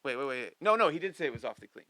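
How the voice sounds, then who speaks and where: Podcast guest, young man from Missouri; lively storyteller, bright tone, swears casually. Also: medium pitch, racing, dry recording, poor audio. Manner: animated storyteller, swears freely. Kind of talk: casual chat.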